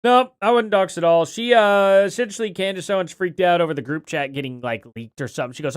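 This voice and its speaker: A man's voice: high voice, fast, hardly any pauses, clear, resonant tone, no echo, clean studio sound. A man hosting a casual livestream, chatting and reading out donations, his words a little slurred from a bitten tongue. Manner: chatty, reads donations aloud, apologetic. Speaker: livestream host.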